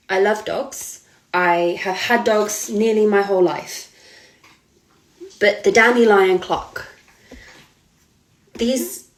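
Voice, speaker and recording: A model gives an earnest, hesitant personal account full of ums and restarts. Her voice is mid-range and a little mellow, recorded in an echoey room.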